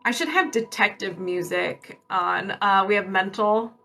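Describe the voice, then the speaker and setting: A woman's voice: mid-range voice, measured pace, bright, forceful tone, faint music behind. A woman energy healer on a casual livestream, chatty and upbeat, asking and answering her own yes-no questions. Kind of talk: casual livestream healing session.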